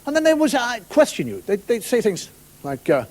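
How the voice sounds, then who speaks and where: A man's voice: very high-pitched, sing-song, brisk, a little mellow. A man doing a wry, conversational stand-up monologue in a television studio in front of a live audience. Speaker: comedian. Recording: 1990 TV broadcast, audience laughter.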